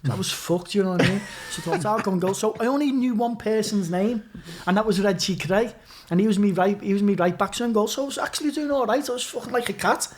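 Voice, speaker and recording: A man's voice: high-pitched, fast, few pauses. A man with a Scouse accent, a podcast guest telling rambling anecdotes with lots of swearing and restarts. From Liverpool. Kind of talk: casual storytelling.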